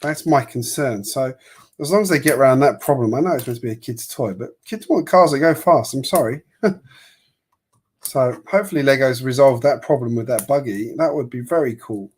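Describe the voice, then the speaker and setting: This is a man in casual livestream chat, voice sitting at a middle pitch. He rambles through opinions as he builds. Easy laughs break up his talk. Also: brisk, husky. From Sydney, Australia. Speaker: livestream host building a toy kit.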